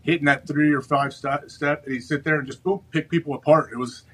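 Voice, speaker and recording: A man's voice: a little high, fairly even intonation, brisk, fairly bright tone, slightly rough, rough recording. A man who is a former player and show regular, telling stories in laid-back sports chat. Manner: laid-back storytelling with fillers. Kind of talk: casual sports talk.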